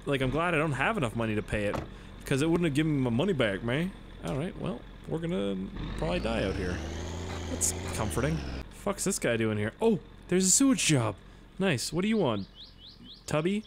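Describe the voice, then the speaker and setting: Excitable, lively-voiced man playing a game. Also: on the high side, fairly quick, vocal fry, noisy background. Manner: excitable, profane, jokey, yelps and laughs at the game. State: tipsy. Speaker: gaming video host. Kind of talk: gameplay commentary.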